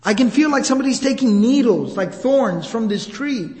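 A man voicing a panicked, blinded man who frantically pleads with his children for help, shrill and desperate. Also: lively intonation, normal speed, darkish tone. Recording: long hall reverb.

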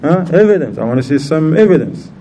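Storytelling teacher in a mellow voice, faint hiss. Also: male voice, a little high, big pitch swings, fast talker, muffled recording. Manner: storytelling with questions to the audience, acts out voices. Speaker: Islamic teacher. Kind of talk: informal religious lesson.

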